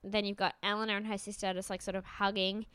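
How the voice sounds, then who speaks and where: A woman in casual podcast chat, laughing often as she recaps a show. Her voice is bright and smooth. The sound is dry and close to the mic. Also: mid-range voice, flat delivery, fast talker, dry recording. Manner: chatty, laughs often, many fillers.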